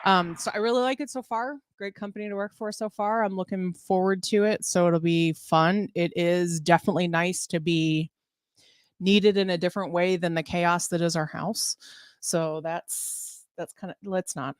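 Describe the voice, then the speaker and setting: Woman, lowish voice, chatty live-stream co-host who drifts off topic, dry close sound. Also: fairly even intonation, normal speed, clear, resonant tone, no echo. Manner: chatty, easily sidetracked, laughing. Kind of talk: casual live-stream chat.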